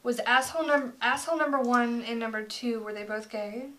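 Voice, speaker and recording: Female co-host, playful interjector, slightly high and crisp-toned. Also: sharp tone, low-quality recording. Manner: teasing, quick interjecting questioner. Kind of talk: casual chat.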